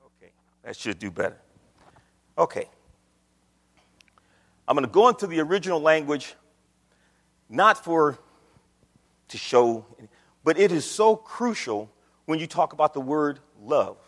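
A man preaching a sermon in a church with a folksy manner, his pitch leaping up on questions. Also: big pitch swings, a little slow, pauses often, fairly bright tone, long reverb tail. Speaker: pastor. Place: church sanctuary. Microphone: microphone on a stand.

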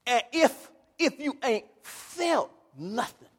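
A man imitating an older male preacher from Louisiana with a slow, drawn-out drawl. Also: very high voice, animated, in a large hall, pitched above the performer's own voice, heavily acted. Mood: solemn.

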